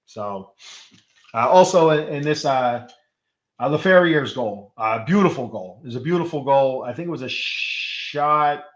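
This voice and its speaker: A man of middling pitch talks through a hockey game recap in a loose, casual way. He rambles and keeps restarting his sentences with lots of fillers. His voice carries the echo of a bare room. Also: lively intonation, measured pace. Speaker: hockey podcast host.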